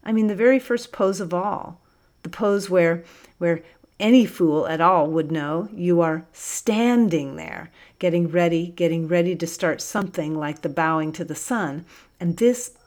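A woman voicing a hot-tempered, chubby male prisoner who talks loudly and indignantly. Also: fairly low pitch, a little slow, natural voice. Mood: pleading, outraged. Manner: loud, indignant.

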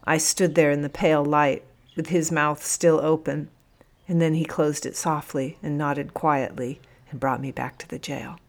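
A woman narrating a first-person audiobook in a measured, emotional storytelling manner. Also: low voice, fairly even intonation.

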